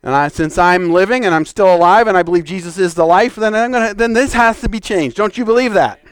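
A man preaching a fervent sermon in a church, exhorting the congregation and shouting declarations. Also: high voice, quick pace, smooth, no echo.

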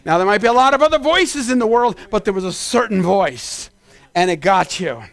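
A man preaching a sermon as pastor, climbing into shouted peaks and then dropping into quick asides. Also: high-pitched, animated, clear, resonant tone.

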